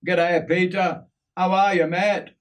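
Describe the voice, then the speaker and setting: A man's voice: a little high, lively intonation, measured pace, voice pushed up. A man voicing an eager, curious fifteen-year-old boy asking questions.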